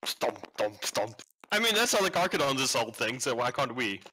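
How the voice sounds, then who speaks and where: A man playing a tabletop game, eager and excitable, swearing freely. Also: mid-range voice, fast talker, a little hiss or hum, poor audio. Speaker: player. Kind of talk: casual tabletop game chat.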